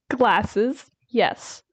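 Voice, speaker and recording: A woman's voice: sits high, no echo. A woman streaming while she draws, chatting casually in a rambling way, laughing and restarting her sentences. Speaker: artist streamer.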